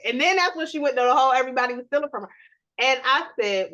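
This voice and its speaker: A woman from New York co-hosting a podcast, telling an animated, explicit family story and acting out the quotes. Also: fairly high pitch, fast talker, muffled recording. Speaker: podcast co-host. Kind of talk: casual storytelling chat.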